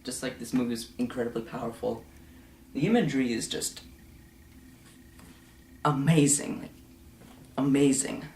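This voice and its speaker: A young man giving a casual, rambling film review full of fillers and asides, now and then slipping into quick mocking voices. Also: medium pitch, steady tone, a little mellow, a little hiss or hum. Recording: echoey room.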